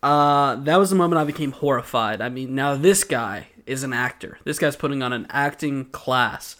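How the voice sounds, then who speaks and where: A man's voice: mid-range voice, normal speed, a bit bright. A young man from Georgia with a South Georgia accent, co-hosting a podcast with teasing, joking banter. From Georgia, USA. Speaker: podcast co-host. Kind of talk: casual recap chat.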